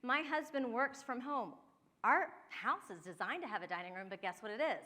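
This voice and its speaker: A woman in her forties from Ohio gives a workshop talk, chatting and laughing as she speaks straight to the room. Her voice sits fairly high and sounds sharp and bright. A long reverb trails behind every sentence. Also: animated, normal speed. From Ohio, USA. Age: 40s. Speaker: downsizing and home organizing expert. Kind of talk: workshop talk with personal stories.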